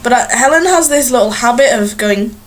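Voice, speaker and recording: A woman's voice: a little high, animated, brisk. A young woman chatting casually to a webcam in a small bedroom, rambling and giggling at herself. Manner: rambling, giggly, self-mocking. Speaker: vlogger. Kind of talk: casual chat to camera.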